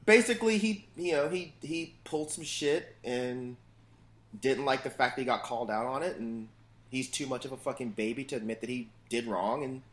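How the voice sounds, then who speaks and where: A medium-pitched man in his thirties, speaking at a moderate pace, is a podcast guest in a casual chat. He's loose and profane, animatedly telling stories about his family.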